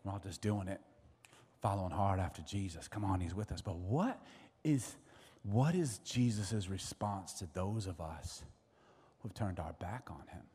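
A middle-aged man preaching a sermon, telling stories in an animated way and acting out other people's voices. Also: low-pitched, husky. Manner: animated storytelling, acts out voices and laughs. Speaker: pastor. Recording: long hall reverb.

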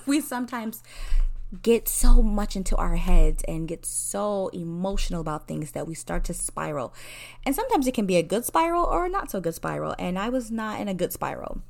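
A woman's voice: lowish voice, gravelly. A woman in her forties, a counselor, candidly telling a personal story in a conversational way, laughing at herself. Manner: candid and conversational, laughing at herself, quoting people in lively voices.

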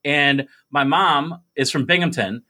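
A man co-hosting a comedic podcast, telling family stories in casual chat with animated delivery and frequent laughs. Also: a little high, a little slow. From New York. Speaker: podcast co-host. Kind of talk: comedic casual chat over video call.

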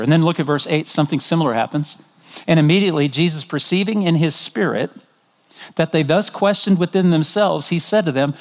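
Animated preaching pastor, man. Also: fairly high pitch, fairly quick. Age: middle-aged. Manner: conversational, storytelling, animated when quoting. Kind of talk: sermon.

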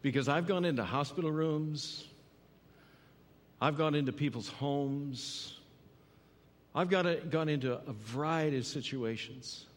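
A man's voice: on the high side, a little slow, long pauses. A man preaching a sermon in earnest, often repeating phrases and checking in with "right?". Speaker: pastor. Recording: long hall reverb.

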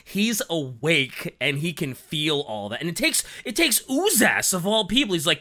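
A man co-hosting a casual book discussion podcast, laughing often and acting out characters in quick voices. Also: on the high side, very animated, bright, forceful tone. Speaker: podcast co-host.

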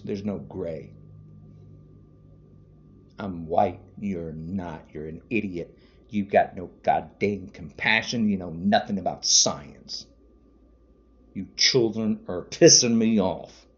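A man's voice: deep voice, takes it slowly. A man podcasting an angry political rant, furious and repetitive, hurling insults. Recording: dull lo-fi audio.

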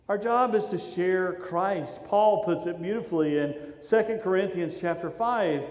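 A man, preaching a sermon in a conversational, animated storytelling way. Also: sits high, normal speed, hardly any pauses. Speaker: pastor. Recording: roomy, reverberant, dull sound from a hall.

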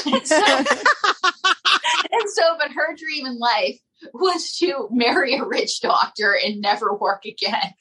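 A woman's voice: high-pitched, lively intonation, moderate pace, pushed and bright, slightly rough, poor audio. A woman, a guest ventriloquist and comedian, chatting and telling stories on a podcast, laughing often. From United States. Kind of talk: casual podcast chat.

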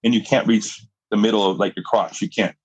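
Husky man telling a lively story. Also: lowish voice, fairly quick, no room sound, poor audio. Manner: animated storyteller, laughs often, restarts sentences. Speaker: guest, jiu-jitsu fighter and coach. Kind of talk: storytelling in a podcast interview.

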